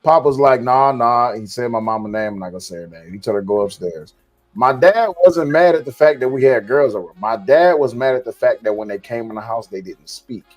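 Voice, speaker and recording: A man's voice: mid-range voice, a little fast. A man telling stories in a casual podcast chat, swearing freely and acting out what people said. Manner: animated, profane storyteller who acts out quotes.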